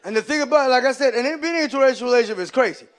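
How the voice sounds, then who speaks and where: A man doing live stand-up comedy, telling animated stories and slipping into loud character voices. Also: very high voice, racing, a faint crowd.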